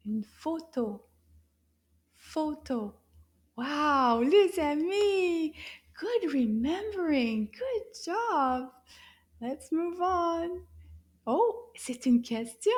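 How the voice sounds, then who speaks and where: A woman teaching young children words in a slow, gentle way. She often drops into soft whispers and gasps with surprise. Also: high-pitched, animated. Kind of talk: slow kids' lesson, words repeated.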